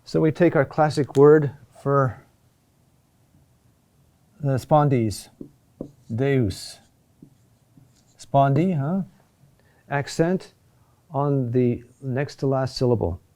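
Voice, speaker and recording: A man teaching a recorded lesson on Latin chant, explaining patiently and often checking in with a quick "huh?". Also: mid-range voice, warm tone.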